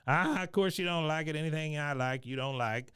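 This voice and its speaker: A man voicing a bitter, cranky old man who scolds his son in a gruff, raised voice. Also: on the high side, brisk, fairly bright tone, dry recording, studio quality, voice pushed up, lightly acted. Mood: scolding.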